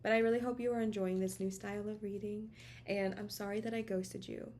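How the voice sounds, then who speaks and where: Recorded on a camera mic with a little hiss or hum, this tarot reader speaks briskly in a mid-range, slightly mellow voice with little pitch movement. Her casual channeled message from her home office is encouraging and chatty, with words repeated for emphasis.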